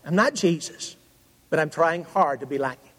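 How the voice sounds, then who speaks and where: A man as a gentle rich businessman. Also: a little high, expressive. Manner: gentle, halting repeats. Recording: long hall reverb.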